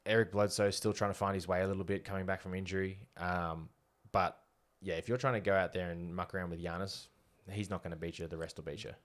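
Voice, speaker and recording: Deep-voiced Australian man talking sport. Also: steady tone, fast talker. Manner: confident, makes bold predictions. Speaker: podcast co-host. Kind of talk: casual sports chat.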